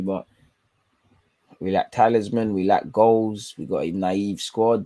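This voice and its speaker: A man's voice: on the low side, a little mellow, no room sound. A young man giving blunt, slangy, frustrated running commentary while watching a football match live. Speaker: football fan channel host.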